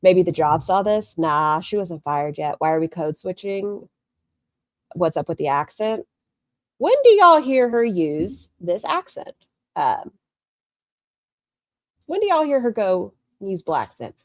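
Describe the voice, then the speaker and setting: A woman's voice: on the low side, big pitch swings, measured pace, long pauses, no echo, clean studio sound. A woman hosting critical reaction commentary, blunt and sarcastic. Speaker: commentary host.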